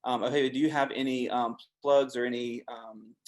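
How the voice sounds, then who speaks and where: A man moderating an online panel, relaxed and full of fillers, thanking the guest. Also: medium pitch, brisk, slight background noise. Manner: relaxed, filler-heavy, appreciative. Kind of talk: casual online panel hosting. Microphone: video call.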